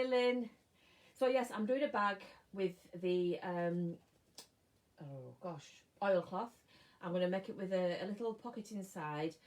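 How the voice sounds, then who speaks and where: A middle-aged English woman with a slightly low voice chats through a live sewing session from her home sewing room. She sounds tired and keeps greeting viewers by name. She trips over her words now and then as she talks. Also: darkish tone, low-quality recording. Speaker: sewing channel host. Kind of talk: live-streamed sewing chat. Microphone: phone or camera mic.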